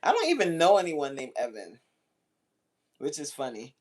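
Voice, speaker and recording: A woman's voice: low voice, huge pitch swings, normal speed, darkish tone. A woman hosting a casual livestream, reading out chat comments and bantering back in a playful, teasing way.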